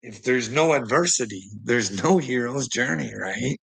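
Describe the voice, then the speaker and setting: A man talks to his livestream viewers in a profane, rambling rant, often breaking off to laugh. His voice is gravelly and husky, with a forceful, tense edge. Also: mid-range voice, animated, measured pace.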